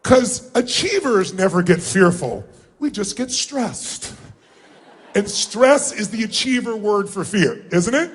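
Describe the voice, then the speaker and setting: A middle-aged man giving a motivational seminar to a large crowd in a hall, commanding and often yelling instructions. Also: sits high, expressive, slow pace, slight background noise. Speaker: motivational speaker. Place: large hall with thousands of people.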